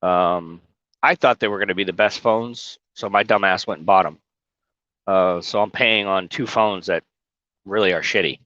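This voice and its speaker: This low-voiced driver keeps a sharp tone at a normal pace while livestreaming from his truck cab on a phone. He chats casually, rambles, curses and greets viewers by name, and the audio has no room sound, with its highs cut off.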